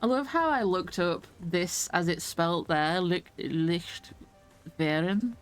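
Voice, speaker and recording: A woman's voice: fairly low pitch, animated, a little slow, faint music behind. A woman streamer chatting and swearing casually as she plays a video game live. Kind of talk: live gameplay commentary.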